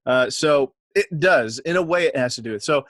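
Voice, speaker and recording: A man's voice: a little high, moderate pace, a bit bright, no echo. A man co-hosting a casual podcast, rambling and self-deprecating, often laughing. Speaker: podcast co-host. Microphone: podcast mic.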